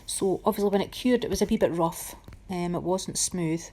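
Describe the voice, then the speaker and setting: A woman's voice: on the low side, normal speed, mellow. A woman narrating a nail art tutorial in a chatty, homely way, often critical of her own work. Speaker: nail art channel host.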